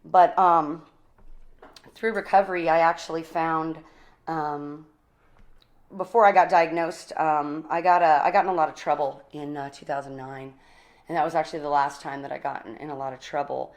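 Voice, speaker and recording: In a casual interview, the guest, an animated, energetic woman in her forties, recounts her recovery with frequent laughter. She talks at a moderate pace in a low voice.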